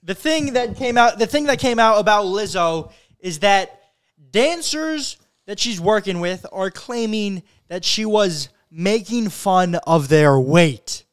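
A man's voice: high voice, slow, clear, resonant tone. A young man co-hosting a casual podcast, joking and telling stories with lots of energy. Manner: joking, animated storytelling. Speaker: podcast co-host.

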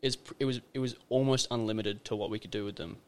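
A man's voice: lowish voice, fairly even intonation, fast. Young Australian man, podcast guest, chatty storytelling, slangy and loose, lots of fillers. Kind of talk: casual storytelling chat.

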